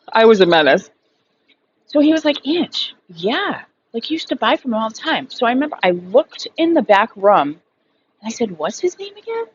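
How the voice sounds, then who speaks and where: A woman's voice: mid-range voice, highs cut off, slight background noise. A woman in her thirties telling a story in a casual vlog monologue, frank and rambling, swearing freely and filling her sentences with fillers. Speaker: recovery vlogger.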